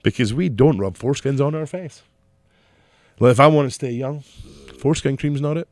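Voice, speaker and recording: A podcast co-host with a softened Scottish accent who swears freely and jokes in a dry, sardonic way. His voice sits at an ordinary pitch for a man. The recording is dry, with little room sound. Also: normal speed, no room sound. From Scotland. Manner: profane, joking, sardonic. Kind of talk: casual chat.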